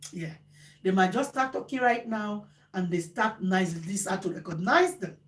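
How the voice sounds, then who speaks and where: Animated woman, echoey room. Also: fairly high pitch. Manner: animated, repeats phrases for emphasis. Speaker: vlogger host. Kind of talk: casual talk to viewers.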